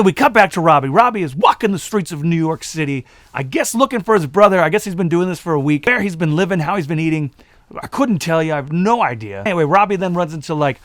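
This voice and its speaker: A man reviewing a movie in a casual vlog, sarcastic and animated, laughing at his own jokes. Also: on the high side, no room sound, clean studio sound.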